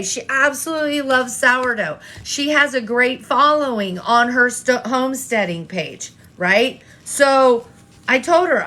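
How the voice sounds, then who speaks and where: A woman's voice: sits high, bright, forceful tone. A woman coaching an online audience, talking straight to viewers and firing rhetorical questions, often repeating herself. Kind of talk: live-stream coaching talk.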